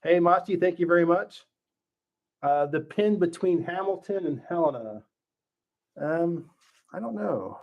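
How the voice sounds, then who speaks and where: Stream host, middle-aged, relaxed ad-lib chat, slightly raised pitch, dull home-mic sound. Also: male voice, unhurried, long pauses. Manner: relaxed, thinking aloud with many fillers and restarts. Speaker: livestream host. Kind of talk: casual live Q&A with viewers.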